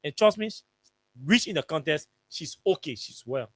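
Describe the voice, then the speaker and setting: A man's voice: a little high, animated, moderate pace, fairly bright tone, no room sound. A man with a Liberian English accent, hosting a radio talk show and telling a story in a casual, emphatic way that repeats its points. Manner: repetitive, emphatic, colloquial. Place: radio studio.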